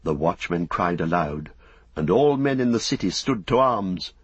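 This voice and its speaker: A man narrating an audiobook in an even, steady storytelling voice. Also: low voice, a little slow, husky, no room sound. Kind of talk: scripted narration.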